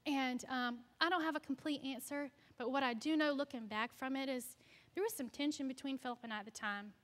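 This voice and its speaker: A woman guest speaker gives a personal testimony from a church platform, her high, bright voice carrying a long hall reverb. She tells the story with animation and slips into the voices of the people in it. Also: brisk. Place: church sanctuary.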